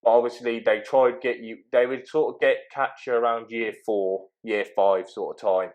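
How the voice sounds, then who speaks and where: A young man, talking casually as a podcast guest, halting with many fillers and restarts. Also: medium pitch, little pitch movement, a little mellow, low-quality recording. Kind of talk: casual interview talk.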